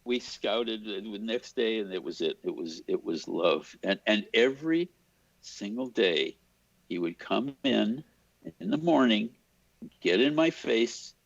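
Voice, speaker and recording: A man's voice: on the low side, takes it slowly, vocal fry, no echo. An older man, a cinematographer, telling stories in an interview and acting out the people he quotes. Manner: animated storyteller, imitates voices in quotes. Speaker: cinematographer guest. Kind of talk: storytelling in an interview. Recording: dull lo-fi sound.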